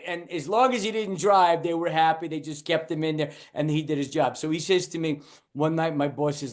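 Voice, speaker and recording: An older man recounts his comedy days in lively anecdotes. His voice sits a touch high for a man. He restarts his sentences often and acts out the quotes. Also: brisk. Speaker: guest comedian. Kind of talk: storytelling in a casual chat.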